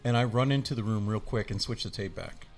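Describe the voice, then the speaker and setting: Lively man telling a funny story. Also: fairly low pitch, fast talker, soft background music. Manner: animated, acts out voices, laughs often. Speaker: podcast guest. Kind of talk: casual storytelling.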